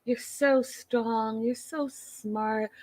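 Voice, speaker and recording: A woman's voice: fairly high pitch, steady tone, drawn-out words, a little mellow, voice pushed up. A woman mocking a swooning, adoring girlfriend. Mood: gushing. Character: fawning, adoring young woman gushing over a man.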